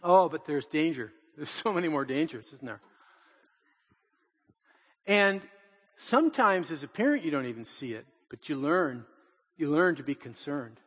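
An older man, a pastor, telling family stories in a lively sermon, acting out quotes and laughing often. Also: fairly high pitch, moderate pace, pauses often, slightly rough, long reverb tail. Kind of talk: storytelling sermon. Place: church in Portland.

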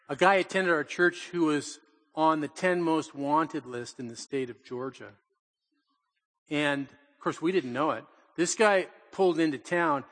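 An older man, a pastor, telling family stories in a lively sermon, acting out quotes and laughing often. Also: a little high, in a large hall. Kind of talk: storytelling sermon. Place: church in Portland.

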